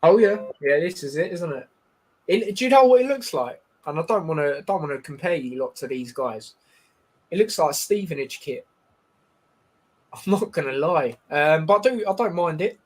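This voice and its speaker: A man's voice: on the high side, lively intonation, normal speed. Chatty guy hosting a stream. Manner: chatty, rambling, full of ums and banter. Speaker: streamer hosting a football watchalong. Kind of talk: casual live-stream chat with match commentary.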